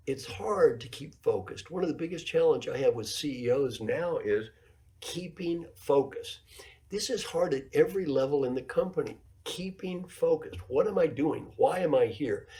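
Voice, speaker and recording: A man's voice: medium pitch, dark tone. A man in his seventies, an executive coach giving a keynote lecture, telling stories and repeating his key points for emphasis. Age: 70s.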